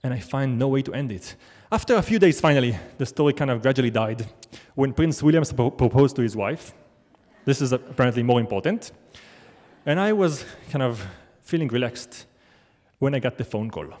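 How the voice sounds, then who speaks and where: A man's voice: medium pitch, expressive, moderate pace, darkish tone. A man telling a true story on stage in a wry, self-deprecating, conversational way. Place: large theater stage. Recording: long theater hall reverb.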